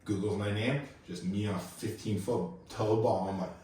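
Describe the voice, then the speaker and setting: A pro surfer from Kauai, Hawaii, appears as a podcast guest, telling stories in a slangy, laid-back chat full of fillers. His voice is fairly low and warm with a steady tone at a moderate pace. The room is echoey and the mic sits at a distance.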